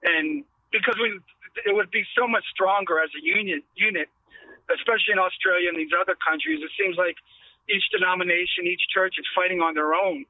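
A man from New York phoning in to a radio show, his voice coming through a thin, tinny phone line. It sits fairly high, and he rambles, restarting his sentences and padding them with "um" and "you know". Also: lively intonation. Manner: rambling, halting, full of fillers. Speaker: caller. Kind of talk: phone-in question.

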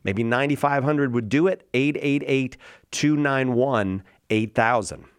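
A man's voice: mid-range voice, clean tone, dry recording. Male radio host, urging pledge appeal, dry studio mic. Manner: upbeat, urging, repeats phone number slowly. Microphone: studio microphone.

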